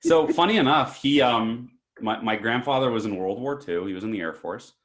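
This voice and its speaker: A man co-hosting a podcast and telling stories in an animated, casual way. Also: mid-range voice, moderate pace. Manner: animated, breaks into shouts and laughter while telling stories. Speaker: podcast co-host. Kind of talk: casual storytelling chat.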